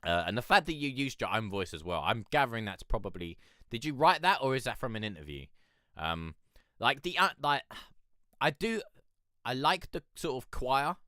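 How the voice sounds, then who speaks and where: A man's voice: mid-range voice, big pitch swings, moderate pace, pushed and bright, no echo, studio quality. A man with a cold, hosting a casual music review chat, rambling and swearing freely. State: has a cold.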